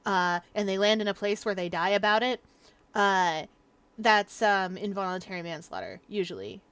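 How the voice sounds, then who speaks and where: A woman streaming a game, chatting casually in a rambling, playful way, with sudden loud, silly bursts. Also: medium pitch, dry recording. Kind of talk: casual gaming livestream chat.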